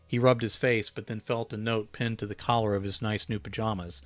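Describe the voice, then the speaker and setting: Author reading his holiday story; low voice, dry close sound, unhurried with small restarts. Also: dry recording. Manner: relaxed reading with small self-corrections.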